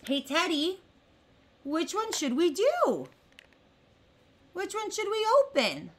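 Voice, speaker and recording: Young female kids' educator, high and lively, very slow exaggerated sing-song delivery for toddlers. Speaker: children's educator. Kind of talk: teaching toddlers through toy play.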